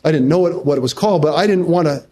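Middle-aged guy, interview guest, kinda high voice, emotional storytelling, keeps restarting. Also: rapid-fire, mellow. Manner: emotional, restarts often, rising into high pitch when reliving moments. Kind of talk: personal storytelling.

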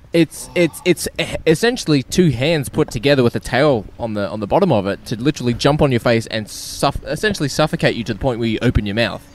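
A man co-hosting a podcast, talking excitedly about monster designs and swearing casually. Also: medium pitch, brisk, slight background noise. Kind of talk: casual film discussion.

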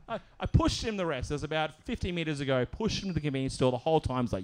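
A man's voice: mid-range voice, fast talker, hardly any pauses. A man telling a comic story on stage at a live show, laughing through his lines and acting out the voices in it.

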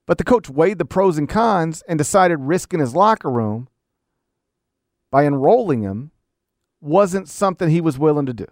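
A man's voice: fairly high pitch, expressive, moderate pace, darkish tone, no room sound, clean studio sound. A middle-aged man delivering an emphatic, argumentative sports commentary, pressing his case with repeated rhetorical questions. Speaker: college basketball commentator. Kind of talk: opinion commentary monologue.

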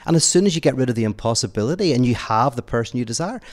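A man with a Northern Irish accent talking through ideas on a podcast in a lively storytelling way, often laughing. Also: medium pitch, racing. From Northern Ireland. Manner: animated storyteller, laughs as he talks. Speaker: podcast guest. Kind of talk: conversational podcast talk, telling a joke.

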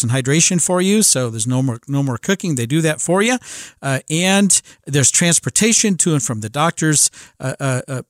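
Chatty middle-aged radio host. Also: male voice, on the high side, dry recording, studio quality. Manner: chatty, many restarts and fillers. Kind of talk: casual radio talk. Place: radio studio.

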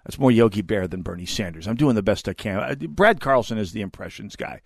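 A man's voice: fairly low pitch, expressive, a little fast, creaky, no echo, studio quality. A man in his fifties hosting a talk radio show, delivering an opinionated monologue that rambles off on tangents and restarts his words. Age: 50s.

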